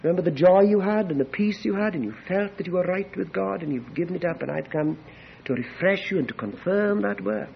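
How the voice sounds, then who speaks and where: A man preaching a sermon from Britain, animated, dropping to a hush and then rising into loud, repeated exhortations. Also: high voice, brisk, vocal fry, a little hiss or hum. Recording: dull lo-fi sermon recording.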